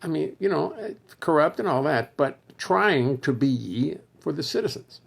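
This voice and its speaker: A hoarse man hosting a casual livestream for fans, chatting loosely, thinking aloud and greeting viewers by name. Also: on the high side, lively intonation, measured pace. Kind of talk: rambling casual livestream chat.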